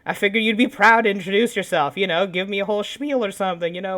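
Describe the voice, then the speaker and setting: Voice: medium pitch, fast talker, hardly any pauses, fairly bright tone. A tabletop player speaking in character in a playful, cheeky way, laughing often.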